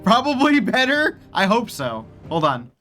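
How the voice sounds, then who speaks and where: A man's voice: very high voice, wildly swooping pitch, unhurried, bright, forceful tone, faint music behind. A man casually commenting on a game during a live stream, chatty, rambling and profane.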